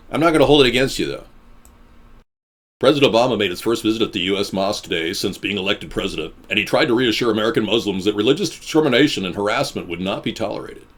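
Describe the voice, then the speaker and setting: A man hosting a live stream, talking to his viewers in a sarcastic, ranting, jokey way and swooping between high and low voices. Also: expressive, quick pace.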